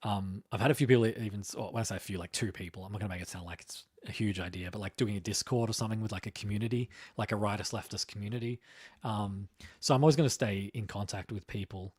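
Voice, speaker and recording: A man's voice: on the low side, fast talker, a little mellow, husky, no echo, studio quality. A man from Australia hosting a casual political live stream, rambling as he reads out chat comments.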